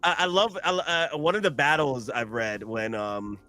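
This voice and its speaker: A man hosting a casual stream chat who talks in an excitable, rambling way and laughs often. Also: medium pitch, normal speed, faint music behind. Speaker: streamer host.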